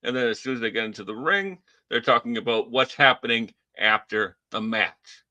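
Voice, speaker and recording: A man's voice: medium pitch, moderate pace, pushed and bright, no echo, lo-fi sound. A man with a Boston accent co-hosting a wrestling podcast, talking casually with many restarts and wry complaints. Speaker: podcast co-host.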